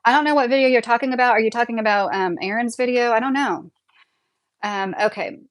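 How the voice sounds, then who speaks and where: A woman's voice: a little high, fairly quick. A young woman hosting a casual livestream from her home, reading viewer comments aloud, chatty and opinionated, laughing often. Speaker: livestream host. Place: home, a double-wide trailer.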